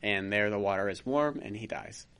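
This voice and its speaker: A man's voice: lowish voice, moderate pace, fairly bright tone, smooth. A young man co-hosting a casual podcast chat, rambling with lots of fillers and restarts. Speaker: podcast co-host.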